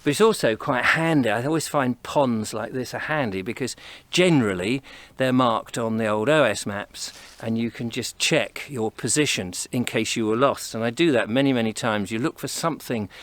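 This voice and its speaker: An English vlogger strolls along country footpaths, chatting to his camera in a mid-range voice at normal speed with hardly any pauses and a fairly bright tone. The recording is dry, made on a tripod-mounted camera he sets up and carries along. Slightly out of breath, he rambles cheerfully, thinking aloud as he goes.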